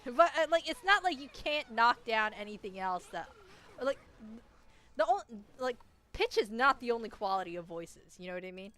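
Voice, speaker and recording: A woman's voice: a little high, very animated, normal speed, bright, forceful tone. A young woman streamer with a nasal voice, chatting casually and rambling with lots of restarts while she plays a game. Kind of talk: casual chat while gaming.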